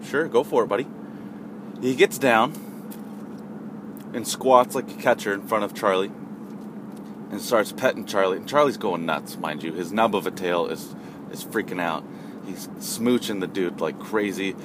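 A man's voice: lowish voice, moderate pace, pauses often. A man telling a funny story in a casual, rambling way with lots of asides, over traffic noise.

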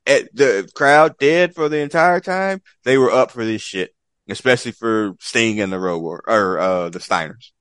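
A man's voice: medium pitch, moderate pace, fairly bright tone, clear, resonant tone, dry recording. A man casually recapping an old wrestling event as a podcast co-host, rambling with lots of fillers and swearing.

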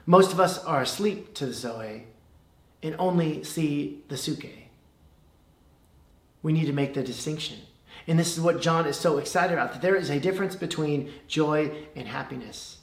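A man preaching a sermon as pastor, with an emphatic, measured delivery and dramatic pauses. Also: a little high, echoey room. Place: church.

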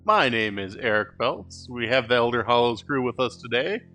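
A man's voice: medium pitch, lively intonation, normal speed, sharp tone, soft background music. A man hosting a tabletop game show, cheerful and casual, often repeating words as he gets going. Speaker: host. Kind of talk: casual chat.

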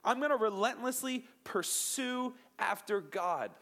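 A young man giving an energetic, joking sermon as a pastor, asking the audience questions. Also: sits high, measured pace. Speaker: youth pastor.

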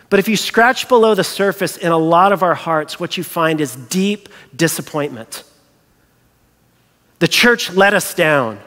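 A man preaching a sermon as a pastor, animated and storytelling, acting out the voices he quotes. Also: high-pitched, moderate pace, big-room sound.

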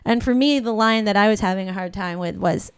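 An actress chatting casually, self-conscious and quick to laugh. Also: female voice, medium pitch, clear, resonant tone, no room sound. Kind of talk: casual chat.

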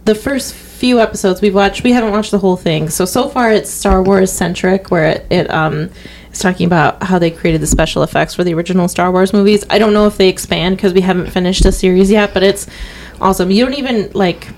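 A woman's voice: mid-range voice, brisk, a little mellow. A woman co-hosting a podcast in casual chat, chatty and enthusiastic with many fillers. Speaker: podcast co-host.

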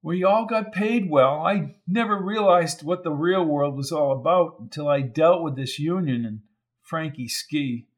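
A man's voice: a little high, measured pace, natural voice. A man voicing a frightened woman caught up in union corruption, earnest and worried, for an audiobook. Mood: chatty.

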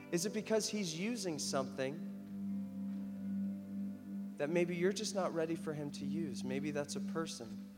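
A man preaching a sermon, telling a story with animated emphasis, then leading communion. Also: a little high. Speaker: pastor. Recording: long hall reverb.

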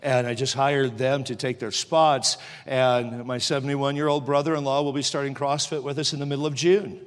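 A middle-aged man preaching a sermon as pastor, moving from joking chat to loud fervent preaching. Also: medium pitch, flat delivery, moderate pace, in a large hall.

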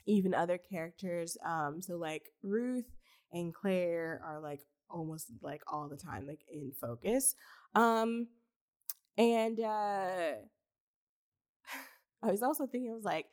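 With a fairly low, darkish voice and slow pace, a young woman co-hosts a podcast, chatting casually about a film. She laughs frequently, swears, and uses many filler words.

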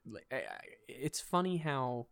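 Brief: young guy hosting a chat podcast, mid-pitched, excitable, rambles with lots of fillers. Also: measured pace, smooth. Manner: rambling, enthusiastic, swears casually, many fillers. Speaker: podcast host. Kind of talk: casual chat.

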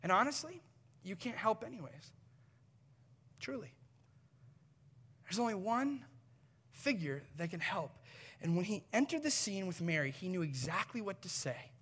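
A male pastor with a high, bright, ringing voice delivers a sermon. He swings from loud, urgent appeals down to hushed, near-whispered lines. He acts out small quoted exchanges as he goes. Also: sing-song, moderate pace, long pauses, husky.

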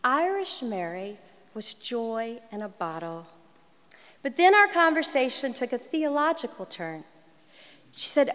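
A woman in her forties, a minister and writer, telling a personal story in a gentle, measured, reflective way. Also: fairly high pitch, animated. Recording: long hall reverb.

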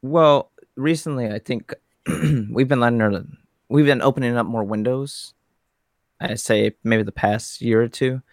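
A man's voice: medium pitch, a little slow, no echo, clean studio sound. A man co-hosting a casual podcast, telling a rambling story with many fillers. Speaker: podcast co-host. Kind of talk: casual chat.

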